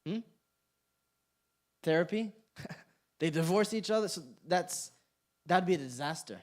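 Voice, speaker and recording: Young male instructor, slightly high voice, lively and jokey, quizzes the audience in a community classroom. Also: measured pace. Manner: animated, joking, questions the room. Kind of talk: interactive class talk.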